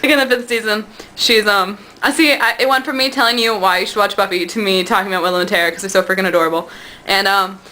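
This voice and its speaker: A woman's voice: medium pitch, steady tone, fast talker, sharp tone, low-quality recording. A woman rambling to the camera in a casual vlog, gushing and giggly, and acting out quoted lines in bouncy voices. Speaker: vlogger.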